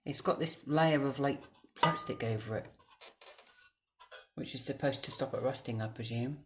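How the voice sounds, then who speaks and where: A woman's voice: rumbling low, moderate pace, noisy background. Swearing woman ranting at home. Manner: swears constantly, swings between mutters and shouting. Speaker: vlogger. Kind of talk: casual vlog rant. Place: home, indoors.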